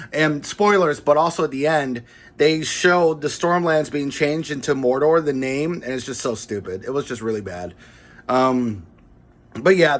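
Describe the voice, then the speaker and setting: A man's voice: mid-range voice, a bit bright. A man hosting his own channel, giving a blunt, dismissive and complaining spoken review of a TV episode in a casual, unscripted way. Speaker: host of a pop-culture review channel.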